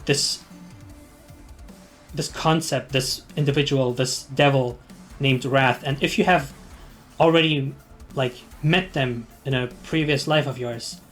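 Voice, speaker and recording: A man's voice: on the high side, a bit bright. A man narrating a tabletop game as game master, hesitant and full of ums and restarts.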